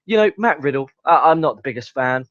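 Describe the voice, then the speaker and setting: A young man with a high voice, swearing freely as he recaps wrestling matches and goes off on rants. The sound is dry and a little dull, like a lo-fi home recording. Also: lively intonation, a little fast, fairly bright tone, no room sound. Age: young adult. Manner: profane, ranting, play-by-play recap. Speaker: wrestling show reviewer. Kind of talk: casual review monologue.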